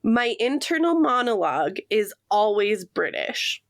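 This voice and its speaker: A woman's voice: mid-range voice, big pitch swings, unhurried, dry recording. Chatty American woman, dry close sound. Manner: chatty, laughs often, enthusiastic. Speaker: podcast co-host. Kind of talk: casual chat. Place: her room at home.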